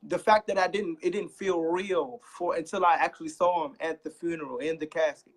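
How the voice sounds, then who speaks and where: A man's voice: a little high, fairly even intonation, brisk. Young man fighting back tears. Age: young adult. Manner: earnest, repeats phrases, voice rising when emphatic. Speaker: guest sharing a personal story. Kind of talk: emotional personal testimony.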